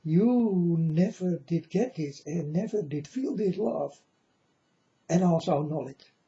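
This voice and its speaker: On a dull lo-fi recording, a man with a high-leaning, dark-toned, animated voice gives a casual spiritual talk to his viewers. He is slow and repetitive, repeatedly asking the listener "you understand?"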